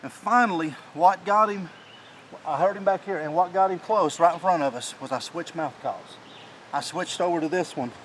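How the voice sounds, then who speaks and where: A man with a slightly high voice tells a hunting story outdoors in the mountains. He rambles, restarts and gets excited. A faint hiss of the woods sits under his voice. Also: moderate pace, low-quality recording. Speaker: hunting channel host. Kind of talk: casual chat after a hunt.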